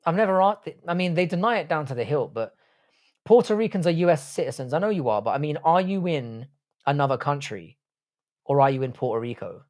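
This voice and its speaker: A man's voice: fairly high pitch, lively intonation, fairly quick, a little mellow. British-accented male streamer, blunt crude banter, casual live-stream chat. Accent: British English. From Ireland, raised in England. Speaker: university professor.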